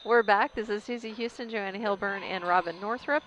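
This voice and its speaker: A woman calling a school basketball game as a local announcer, casual and hesitant, with frequent pauses and fillers. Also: medium pitch, a bit bright, slight background noise, poor audio. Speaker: play-by-play announcer. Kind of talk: local sports commentary.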